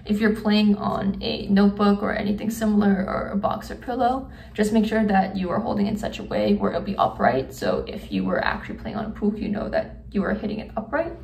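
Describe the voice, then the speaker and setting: Young woman teaching drum parts, slightly gravelly voice, sounds far from the mic in an echoey room. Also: mid-range voice, a little fast, hardly any pauses, slight background noise. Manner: counts beats aloud while drumming; relaxed, many fillers. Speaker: student drum instructor. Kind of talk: casual instructional demo.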